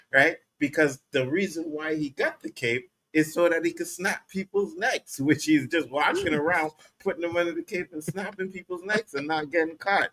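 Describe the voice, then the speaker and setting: A man co-hosting a casual show recap, animated and laughing often as he acts out lines from scenes. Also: on the high side, moderate pace, few pauses. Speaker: podcast co-host.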